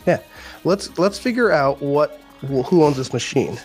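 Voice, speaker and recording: A man co-hosting a tech podcast with a husky, slightly high voice. He speaks in brief, practical replies, with faint music underneath. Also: animated, unhurried, a little mellow. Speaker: podcast co-host. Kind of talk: casual tech show chat.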